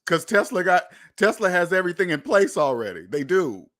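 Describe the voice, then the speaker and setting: A man's voice: high-pitched, sing-song, fairly quick, a bit bright. Emphatic man ranting to his viewers. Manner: emphatic, repetitive, profane, talks straight to viewers. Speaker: finance channel host. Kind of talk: casual monologue commentary.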